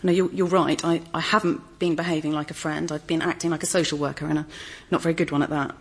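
A woman's voice: deep voice, flat delivery, fast talker, slightly rough. An actress playing an earnest, talkative middle-aged woman, who speaks in careful, formal phrases and laughs nervously. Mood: apologetic. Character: earnest, chatty, wordy woman, over-careful with her words. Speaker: sitcom character looking after a friend's teenage son. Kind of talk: scripted sitcom acting.

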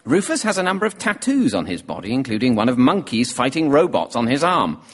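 A man's voice: mid-range voice, huge pitch swings, brisk, breathy edge. A man hosting a comedy panel show, reading scripted facts and jokes with a dry, wry delivery. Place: theatre stage with a live audience.

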